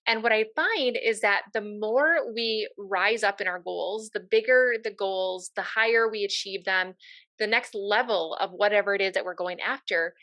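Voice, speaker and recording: Brief: woman therapist guest, bright tone, earnest chatty delivery, dry close sound. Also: medium pitch, moderate pace, dry recording. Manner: earnest, conversational, uses fillers like "you know". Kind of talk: casual conversation.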